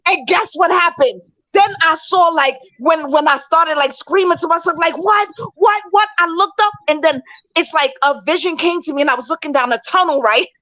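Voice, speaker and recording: A woman's voice: high-pitched, brisk, bright, forceful tone. A woman from New York, a guest in a casual talk, telling a story animatedly and acting out her own reactions. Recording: dull lo-fi audio.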